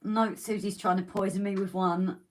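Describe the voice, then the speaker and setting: A woman's voice: medium pitch, flat delivery, moderate pace, low-quality recording. A woman co-hosting a casual live stream, reading out viewer comments and greeting them as darling and lovely.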